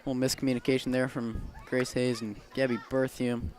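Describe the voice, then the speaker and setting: A young man giving casual play-by-play commentary on a high school soccer game outdoors, his calls rising with the action. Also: level tone, brisk, darkish tone. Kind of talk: amateur sports commentary.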